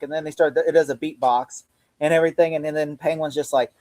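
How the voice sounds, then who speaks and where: A man's voice: a little high, fairly even intonation, a little fast, mellow, no echo. Podcast co-host, male, laughs and curses while retelling scenes, dry close mic. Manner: laughing, swearing, acting out scene lines. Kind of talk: casual chat.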